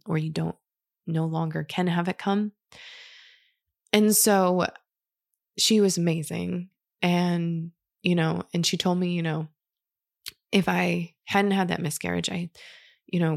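A woman, telling a candid personal story in a reflective way, with soft laughs. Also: on the low side, gravelly, no room sound, clean studio sound.

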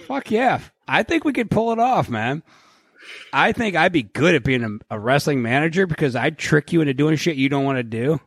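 A man's voice: fairly high pitch, expressive, brisk, no echo, studio quality. A man co-hosting a podcast in casual chat, swearing freely, joking and acting out imagined conversations. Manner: profane, joking, acts out imagined dialogue. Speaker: podcast co-host.

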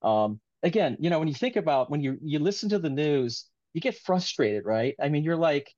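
A man's voice: on the high side, expressive, moderate pace, few pauses, darkish tone, dry recording, lo-fi sound. A man being interviewed as an author, talking in an earnest, rambling, heartfelt way in casual conversation.

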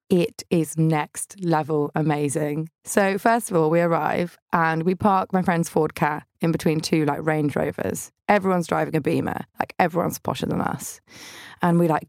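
A woman's voice: on the low side, a little mellow, no echo, studio quality. A young woman hosting a podcast, telling funny stories about her week in a bubbly, self-deprecating way. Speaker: podcast host. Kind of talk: chatty comic monologue.

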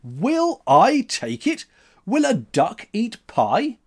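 A gaunt young drifter speaks with dry, self-mocking humor, as a male narrator plays him. His voice moves a lot in pitch but stays unhurried. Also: sing-song, darkish tone. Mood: eager.

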